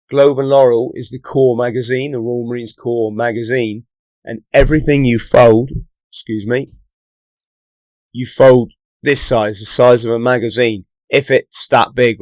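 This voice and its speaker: A former Royal Marines commando from England, born in London and raised in the Southwest, hosts a channel and tells stories casually to camera. His medium-pitched voice is recorded dry, and his chatty delivery keeps adding the tag question "right?".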